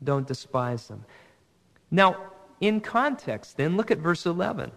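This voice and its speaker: A man's voice: fairly high pitch, lively intonation, moderate pace, a bit bright, big-room sound. A man preaching a sermon as pastor, earnest and building to emphatic exhortation. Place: church sanctuary.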